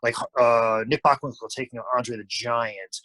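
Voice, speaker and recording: A man's voice: mid-range voice, normal speed, no room sound, low-quality recording. A man telling a long anecdote as an interview guest, acting out the people he quotes. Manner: animated, acts out quoted lines. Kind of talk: casual storytelling.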